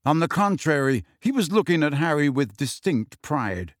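A man narrating an audiobook in an expressive, measured storytelling manner. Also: mid-range voice, no echo, clean studio sound. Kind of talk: scripted narration.

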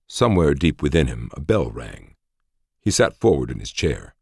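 A man reading a science fiction story aloud in a measured narration. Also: very animated, no room sound, studio quality. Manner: measured, low and gravelly. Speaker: audiobook narrator. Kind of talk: scripted narration.

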